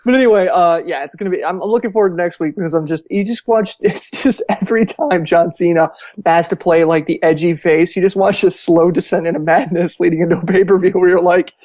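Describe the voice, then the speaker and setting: A man's voice: sits high, fairly quick, no echo. A man talking animatedly and emphatically as a guest in a casual podcast chat. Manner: animated and emphatic, with frequent laughs and restarts.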